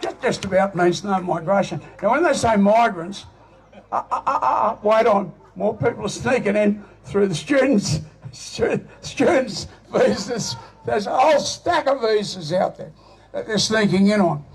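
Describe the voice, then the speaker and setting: An older man with an Australian accent giving a rambling, rousing speech at an outdoor rally, shouting to the crowd. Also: sits high, lively intonation, unhurried, creaky, breathy edge. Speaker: rally speaker.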